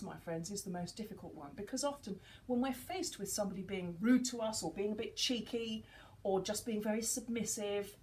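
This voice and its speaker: Animated woman teaching casually. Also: mid-range voice, a little hiss or hum, poor audio. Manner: animated, acts out dialogue in quotes.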